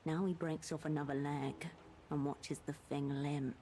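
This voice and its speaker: A woman voicing a cool, measured narrating voice in a video game. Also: low voice, little pitch movement, mellow, a little hiss or hum, lightly acted.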